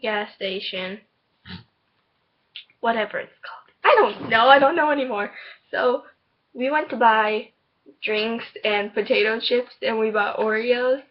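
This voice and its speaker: Eager, laughing teen girl, slightly high voice. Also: unhurried, long pauses, dull audio. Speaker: co-host telling stories. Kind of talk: casual storytelling chat.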